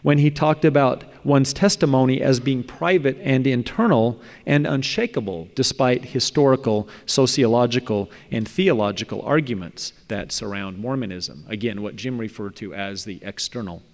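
A man reads a prepared paper aloud, measured and academic. His voice sits at an ordinary middle pitch. A long reverb from the hall trails behind each phrase. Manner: measured, academic, with occasional slips and restarts. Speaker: speaker presenting a paper on religious apologetics. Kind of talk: reading a prepared talk aloud.

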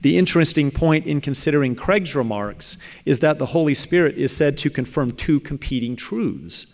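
A man reading a prepared academic paper aloud in a measured way, now and then stumbling and restarting. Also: a little high, expressive, darkish tone. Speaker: speaker presenting a paper on religious apologetics. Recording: echoey hall with long reverb.

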